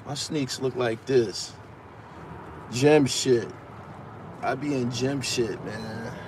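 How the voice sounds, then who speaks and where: A man's voice: mid-range voice, steady tone, slow, noisy background. Casual New man live-streaming outdoors. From Brooklyn, New York. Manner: loose, conversational, profane, reads comments aloud.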